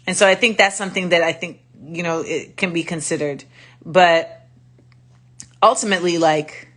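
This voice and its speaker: Bright-voiced woman telling a story on a livestream. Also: lowish voice, normal speed. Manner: animated storytelling, acts out quoted exchanges with profanity. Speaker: livestream host. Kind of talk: casual livestream chat. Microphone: phone livestream.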